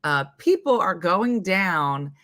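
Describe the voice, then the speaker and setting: A woman from New Jersey with a Jersey accent hosts a casual live morning stream. Her voice is a bit hoarse, and she rambles chattily and laughs at herself. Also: fairly low pitch, lively intonation, takes it slowly, a bit bright, no echo. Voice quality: slightly hoarse, husky. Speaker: morning show host.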